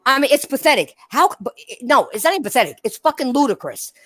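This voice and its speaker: A woman's voice: high voice, sing-song, quick pace, a bit bright, no echo. A woman hosting a podcast, ranting bluntly with profanity and repeated direct addresses to her listeners. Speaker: podcast host. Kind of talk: heated casual podcast rant.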